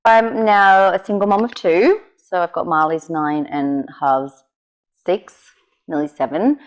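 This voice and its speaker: A woman's voice: fairly low pitch, a little slow. A woman in her thirties, a podcast guest, chatting casually and often giving short agreements. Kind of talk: casual chat.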